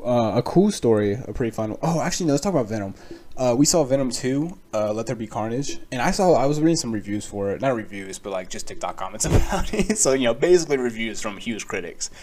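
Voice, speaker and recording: Rambling profane young man, low voice. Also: a little mellow. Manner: rambling, profane, sarcastic, lots of filler words. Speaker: podcast host. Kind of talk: casual solo podcast rant.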